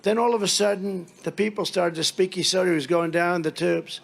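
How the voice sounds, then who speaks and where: A man with a high voice and a gravelly edge speaks at a political rally. He tells rambling, mocking stories and slips into little acted-out exchanges between people. His delivery is loose and conversational. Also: steady tone, fairly quick. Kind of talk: rally speech.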